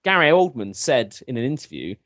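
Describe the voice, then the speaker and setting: An English man co-hosts a casual podcast, chatting in a lively, quick way. His voice sits at a middling pitch. The recording is close and dry. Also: dry recording. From England. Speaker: podcast co-host. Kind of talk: casual chat.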